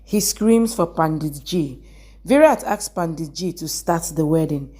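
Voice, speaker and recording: Woman doing a tv drama recap, short plain lines, lowish voice. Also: expressive, measured pace, a little mellow. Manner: short plain sentences in a level voice. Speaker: series recap narrator. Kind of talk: scripted recap narration.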